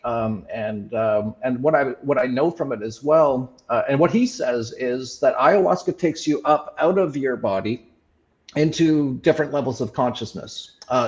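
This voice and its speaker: A man shares a personal story in relaxed conversation, stopping and restarting his sentences with plenty of fillers. His voice sits at an ordinary middle pitch. The audio is a little dull, as if through a modest lo-fi setup. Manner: halting, many fillers and restarts. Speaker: show host sharing his experiences. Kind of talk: casual reflective storytelling.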